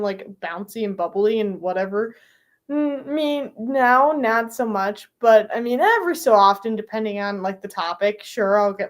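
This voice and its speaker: A young woman streaming live, chatting casually with her viewers, giggly and full of fillers. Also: mid-range voice.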